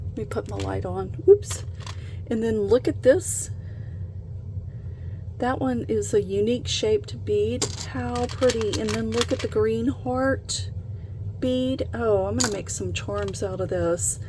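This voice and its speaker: A woman hosting a craft channel, chatting casually and gushing with excitement as she unboxes a package. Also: fairly high pitch, unhurried, background noise. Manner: gushing, excited, gasps and laughs often.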